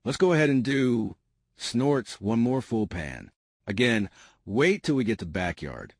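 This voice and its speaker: A man's voice: medium pitch, sing-song, a little slow, dry recording, studio quality. A man hosting an enthusiastic video tour of a luxury house, pointing out features and calling his viewers family. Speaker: home tour host. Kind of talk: enthusiastic real estate walkthrough. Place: inside a large house.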